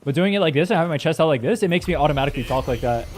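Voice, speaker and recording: A man's voice: fairly high pitch, animated, very fast, a little mellow. A young man streaming a game, chatting in a rambling, casual way with plenty of swearing, his throat a little strained. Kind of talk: casual gaming stream chat.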